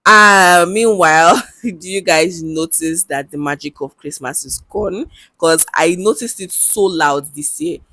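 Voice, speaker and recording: A woman's voice: on the low side, a little slow, hardly any pauses, pushed and bright, dry recording. A young woman with a Nigerian English accent, talking candidly to camera in a casual vlog, chatty and laughing easily. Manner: chatty and candid, with bursts of laughter and local slang. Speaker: vlogger.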